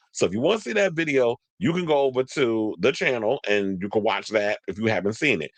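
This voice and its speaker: A man with talks gossip on his own channel, sassy and quick with asides. His voice swoops with lots of pitch movement. The sound is dry and close, with little room echo. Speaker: commentary channel host. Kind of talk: casual gossip commentary.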